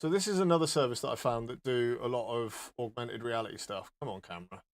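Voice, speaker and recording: A man's voice: medium pitch, fast talker. Joking man streaming live. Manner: rambling, joking, swearing. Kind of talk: casual live-stream chat.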